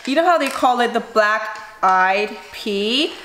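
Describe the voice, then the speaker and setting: A woman's voice: on the high side, lively intonation, slow, sharp tone. A woman cooking vlogger chatting casually to camera, showing things and addressing her viewers directly. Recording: echoey room, faint noise.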